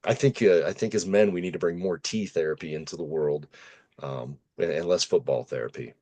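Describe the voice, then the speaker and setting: Low-voiced man telling a story. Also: brisk. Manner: animated, self-deprecating storyteller. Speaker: podcast host. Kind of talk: casual storytelling in conversation.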